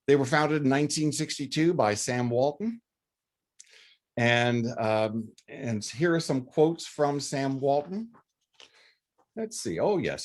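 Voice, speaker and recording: A man giving a faculty lecture in an earnest, conversational way, often restarting his phrases. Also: mid-range voice. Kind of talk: recorded lecture.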